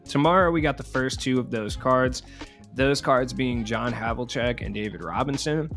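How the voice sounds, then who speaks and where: A man's voice: mid-range voice, normal speed, fairly bright tone, soft background music. A young man hosting a casual video game news vlog, rambling and full of fillers. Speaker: gaming news YouTuber.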